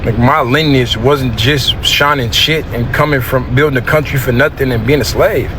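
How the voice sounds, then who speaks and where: A man's voice: medium pitch, normal speed. A man venting in a frustrated, profane rant. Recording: noisy outdoor street recording.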